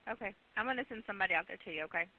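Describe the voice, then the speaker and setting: A woman's voice: medium pitch, racing. A woman working as an emergency dispatcher, firm and repetitive, telling the caller to hold on. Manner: firm, repeats instructions to hold on. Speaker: 911 dispatcher. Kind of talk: emergency phone call. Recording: dull lo-fi call recording with faint noise.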